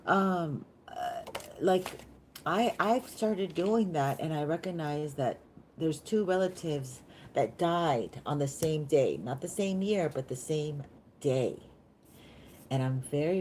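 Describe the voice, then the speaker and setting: A woman's voice: deep voice, a little mellow, slight background noise. A woman giving a chatty, meandering live tarot reading, easily delighted and talking straight to her viewers. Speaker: tarot reader.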